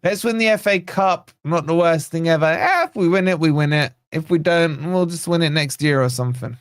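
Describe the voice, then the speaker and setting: A man hosts a live football fan stream, chatting loosely and reading out comments from viewers. His voice sits a little high for a man. The sound is dry and close, with no room echo. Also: brisk, clear, resonant tone. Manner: laid-back banter, reads viewer comments aloud. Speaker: host of a football fan channel watch-along. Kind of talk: live match watch-along commentary and chat reading.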